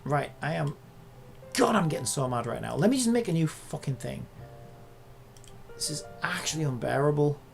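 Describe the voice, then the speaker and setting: A content creator talking casually while working at a computer, muttering and swearing at the software in exasperation. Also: medium pitch, expressive, a little fast, vocal fry, faint music behind.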